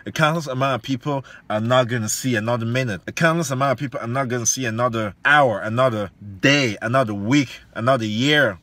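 A man's voice: mid-range voice, brisk, few pauses, bright, forceful tone, no echo. A man, an online fitness coach, giving a preachy motivational monologue full of repeated lines, slang and rhetorical questions.

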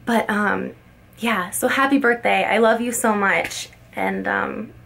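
A young woman talking as a mother to her baby son, tender and emotional, with halting words, recorded in a closet at home. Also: mid-range voice, steady tone, gravelly, a bit bright. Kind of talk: heartfelt personal video message.

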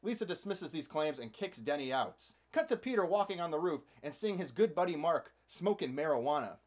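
A man's voice: on the high side, animated, a little fast. A man hosting a comedic movie recap, narrating with sarcastic, playful asides. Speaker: host.

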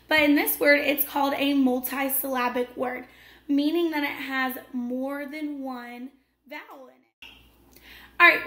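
A young adult woman teaching a children's phonics lesson, encouraging and drawn-out, recorded in an echoey room. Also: high voice, gravelly, fairly bright tone. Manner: encouraging, slow and drawn-out cheerful teacher talk.

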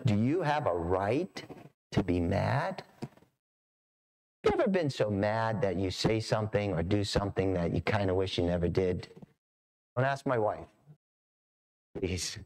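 A man's voice: mid-range voice, a little mellow. A middle-aged man preaching a sermon as pastor, storytelling with animation and acting out voices. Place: church sanctuary.

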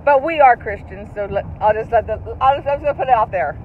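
A woman's voice: fairly high pitch, fast talker. A middle-aged woman chatting and laughing as she rides along in a car. Her voice comes through thin and phone-like. A faint hum of road noise sits underneath. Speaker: vlog co-host. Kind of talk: casual chat while driving.

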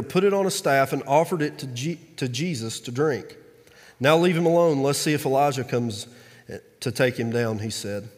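A male pastor, preaching a conversational sermon that acts out scripture quotes. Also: medium pitch. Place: church sanctuary. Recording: long reverb of a large hall.

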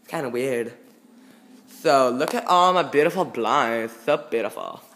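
A young man vlogging at home on a handheld phone, rambling in a goofy, self-aware way. His pitch bounces around a lot as he jumps from one topic to the next. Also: expressive, unhurried, fairly bright tone, slight background noise. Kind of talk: rambling casual vlog. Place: at home, indoors.

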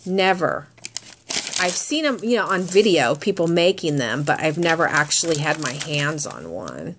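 A woman's voice: sits low, lively intonation, normal speed, a bit bright, a little hiss or hum. A woman crafting vlogger chatting casually as she shows off handmade gifts, gushing and admiring as she goes. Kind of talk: casual unboxing chat.

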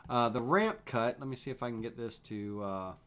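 On a live stream, a CNC woodworking instructor walks viewers through toolpath settings in a relaxed, easygoing way. He repeats phrases as he clicks through the software and uses plenty of fillers. His clear, resonant voice sits at a middle pitch and moves at normal speed.

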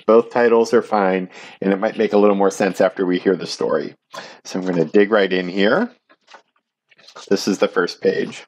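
A man serving as guest minister, telling a story for all ages during a worship service and making warm, animated asides to the children. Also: fairly low pitch, normal speed.

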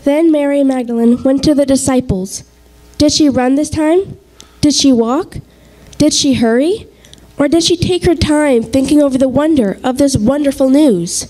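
Woman scripture reader, high but mellow voice, earnest. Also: normal speed, low-quality recording. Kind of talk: dramatized scripture reading at a service.

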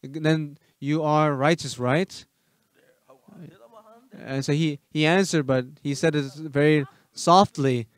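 A man preaching a sermon as pastor, emphatic, firing rhetorical questions at the congregation and swinging between loud urging and soft asides. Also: on the high side, takes it slowly, clean tone, no room sound.

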